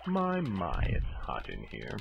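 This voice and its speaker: Game creature, grumpy fish-man, gravelly and slow. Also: low voice, wildly swooping pitch, dull audio, heavily acted. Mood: complaining. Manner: complains, teasing remarks.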